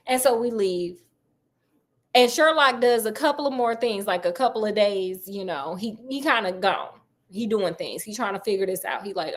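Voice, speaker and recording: A woman's voice: fairly high pitch, moderate pace, long pauses. A woman storyteller retelling a classic detective tale in a chatty, slangy way, talking straight to her listeners.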